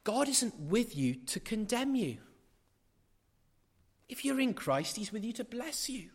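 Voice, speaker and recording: High-voiced preacher, church echo. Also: male voice, very animated, unhurried, slightly rough. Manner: emphatic, repeats phrases for stress. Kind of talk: sermon.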